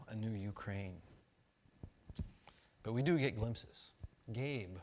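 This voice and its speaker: An American man giving a talk, reading reflective passages and telling rambling, animated anecdotes with fillers and restarts. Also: fairly low pitch, a little hiss or hum. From United States. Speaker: speaker at an arts conference. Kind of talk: talk mixing read essay and casual anecdote.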